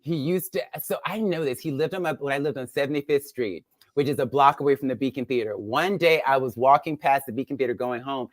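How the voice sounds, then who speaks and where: A woman's voice: rumbling low, fast, hardly any pauses, no echo. A woman in her fifties, a guest on a video call, chatting openly and telling candid stories with frequent laughter. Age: 50s. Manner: candid storyteller, laughs often. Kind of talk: casual chat.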